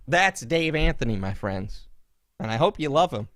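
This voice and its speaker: A young man tears into his subject on a podcast in a mocking, sarcastic rant. His voice is bright and his pitch leaps around. The sound is dry and close, with no room in it. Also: normal speed, dry recording. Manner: animated, mocking, swings into loud sarcastic outbursts. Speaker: podcast co-host. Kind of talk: casual comedic rant.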